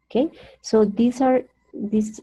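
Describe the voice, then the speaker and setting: A Colombian woman, a native Spanish speaker, teaching an online English class slowly and carefully, repeating words for her students. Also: fairly high pitch, steady tone, dark tone, breathy edge. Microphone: video call. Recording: dull lo-fi video call audio.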